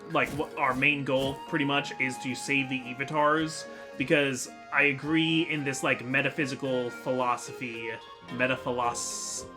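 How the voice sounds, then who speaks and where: A man hosting a let's play, chatting casually and rambling with lots of fillers and restarts. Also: mid-range voice. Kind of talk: casual gameplay commentary.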